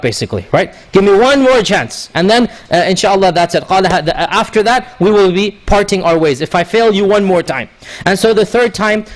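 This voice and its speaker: Guy with a high voice preaching, tells the story lively, keeps asking "right?". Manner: animated storytelling, frequent rhetorical "right?". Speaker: religious teacher. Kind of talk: sermon storytelling.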